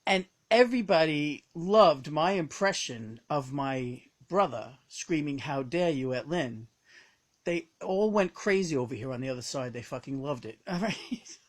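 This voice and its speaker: A woman's voice: expressive, measured pace. A woman channeling the spirit of a dead uncle, gossipy and crude with casual swearing. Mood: chatty. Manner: gossipy, swearing, low-key. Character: deceased uncle's spirit, older man, chatty and crude.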